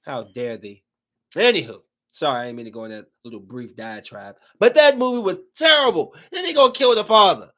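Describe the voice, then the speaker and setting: A man with a fairly high voice rambles through a story in casual podcast chat. He talks in an animated, emphatic way, circling back and repeating himself for effect. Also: brisk. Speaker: podcast host.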